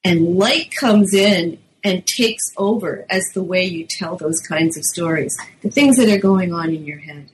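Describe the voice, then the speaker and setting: Woman, middle-aged, linguist being interviewed, lively explanations, faint background hiss. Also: on the low side, a little slow, few pauses, poor audio. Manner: lively, acts out teen quotes. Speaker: linguist author interviewed about her book.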